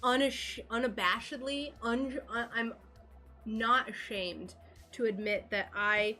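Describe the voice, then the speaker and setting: A woman's voice: fairly high pitch, steady tone, slow, sharp tone, faint music behind. A woman chatting casually on a livestream while she crafts stained glass in her home workshop. She laughs often and talks to herself as she works.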